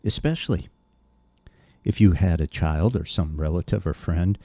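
A man delivers a sermon verse by verse, reading scripture and then pressing his points bluntly and earnestly. His voice sits low, with a dark, relaxed tone. The sound is close and dry. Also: moderate pace, no room sound. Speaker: preacher.

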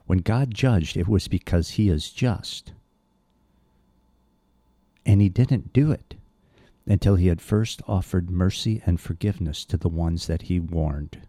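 Deep, dark-voiced preacher man. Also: unhurried, pauses often, no echo. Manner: earnest, blunt and emphatic, reading scripture aloud. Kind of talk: verse-by-verse sermon.

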